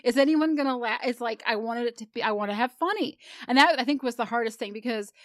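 A woman podcast host talking casually, chatty and self-deprecating, with animated delivery. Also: fairly high pitch, fast talker, dry recording, studio quality.

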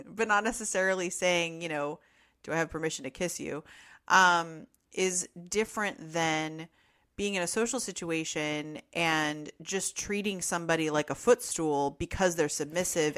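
Chatty low-voiced woman co-host. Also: a bit bright. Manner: chatty, acts out quoted voices, laughs often. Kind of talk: casual podcast discussion.

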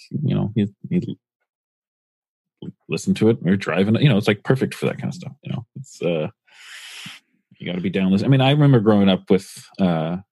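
A man co-hosting a casual podcast, his voice low and somewhat husky. He wanders through his thoughts with plenty of fillers and restarts. The sound is dry and close to the mic. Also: darkish tone, no room sound. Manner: rambling, many fillers and restarts. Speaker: podcast co-host.

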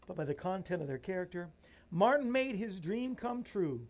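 Man, talk show host, reading a children's book aloud, earnest, folksy asides, emotional, softening voice. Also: high-pitched, lively intonation, normal speed. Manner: emotional, voice drops soft and near tears.

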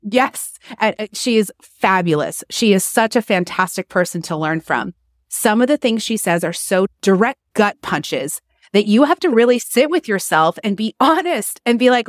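A woman speaking bluntly and with emphasis, laughing now and then at herself. She talks at a middle pitch, recorded close and dry with no room sound. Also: expressive, normal speed, no echo. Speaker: podcast guest, acupuncture practice owner. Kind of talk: candid interview talk.

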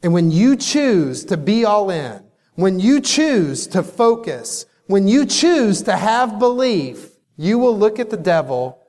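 A man's voice: high voice, big pitch swings, a little mellow. Emphatic man giving a motivational keynote. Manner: emphatic, storytelling with dramatic pauses. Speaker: keynote speaker. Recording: long hall reverb.

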